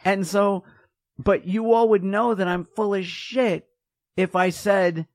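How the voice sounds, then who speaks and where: Animated jokey man, dry sound. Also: high voice, slow pace, no echo. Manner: animated, jokey, acts out voices. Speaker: podcast host. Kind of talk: casual chat.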